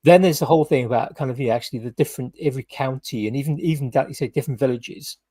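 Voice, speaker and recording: A man's voice: mid-range voice, rapid-fire, dark tone, slightly rough, no echo. A British man hosting a casual podcast, telling stories in a rambling way full of "kind of" and "you know". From United Kingdom. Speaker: podcast host.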